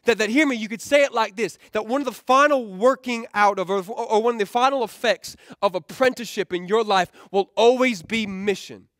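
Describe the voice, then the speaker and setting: A man's voice: high voice, a little fast, hardly any pauses, a bit bright, dry recording, studio quality. A man preaching a sermon as pastor in a casual, conversational way, often repeating words, asking "right?" and adding jokey asides. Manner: keeps checking in with the crowd with "right?"; joking asides. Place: rented event hall used for church.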